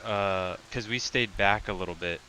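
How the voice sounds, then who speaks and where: A man playing in a tabletop game, chatting casually, excitable and quick to swear. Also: on the low side, a little hiss or hum, poor audio. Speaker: player.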